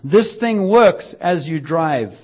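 High-voiced preacher man, dull recording. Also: slow, breathy edge. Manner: lively, uses a prop as a visual aid. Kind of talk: sermon. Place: church.

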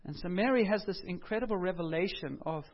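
Lively male preacher, lo-fi sound. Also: high voice, quick pace. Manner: conversational, animated, rises for emphasis and drops softly for quoted words. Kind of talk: sermon. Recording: dull lo-fi sound.

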